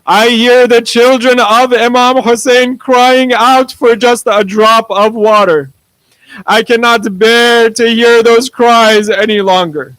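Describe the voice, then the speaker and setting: A man's voice: high voice, takes it slowly, fairly bright tone, no echo, low-quality recording. A man voicing a remorseful grown warrior general who pleads earnestly for forgiveness. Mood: pleading.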